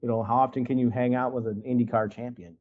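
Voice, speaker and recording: A man's voice: mid-range voice, steady tone, fast talker, phone-quality sound, heavy background noise. A man from Wisconsin telling stories as a guest, rambling and peppered with "like" and "you know". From Wisconsin, USA. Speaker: guest artist. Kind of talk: casual storytelling in an interview. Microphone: video call.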